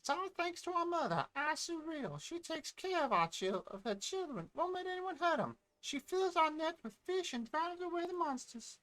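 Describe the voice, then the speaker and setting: A man's voice: extremely high pitch, big pitch swings, normal speed, hardly any pauses, pushed and bright, pitched above the performer's own voice, heavily acted, poor audio. A man voicing a proud, chatty young village woman who is the brother's sister.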